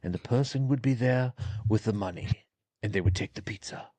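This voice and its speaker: A man's voice: lowish voice, mellow, no echo, close to an everyday voice. A man putting on an old, wise, sarcastic storyteller. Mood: dry, knowing. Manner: soothing, slow, slightly condescending.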